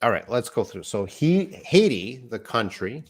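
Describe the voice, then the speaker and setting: A man's voice: medium pitch, sing-song, normal speed, breathy edge. A man teaching a live online English lesson, explaining words patiently and reading out viewer comments.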